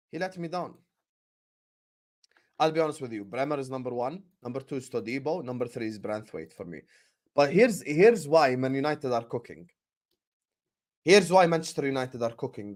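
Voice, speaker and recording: A young man hosting a football transfer stream in casual live chat, animated and slangy, and he repeats his points. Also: medium pitch.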